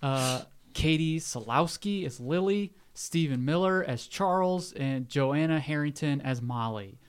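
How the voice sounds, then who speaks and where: A man's voice: a little high, lively intonation, measured pace, clean tone. Chatty podcast host man. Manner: joking, rambling with many restarts. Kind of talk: casual chat.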